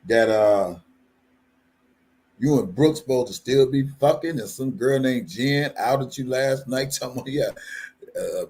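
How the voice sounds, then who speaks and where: A man's voice: mid-range voice, darkish tone. A man hosting a live stream, ranting casually in a profane, mocking way and laughing often. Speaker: livestream host. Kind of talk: casual livestream rant.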